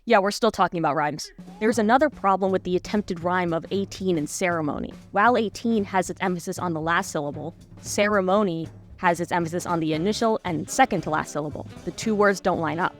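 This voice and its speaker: Wry woman reading a video essay. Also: mid-range voice. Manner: analytical, wry. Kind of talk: scripted video essay narration.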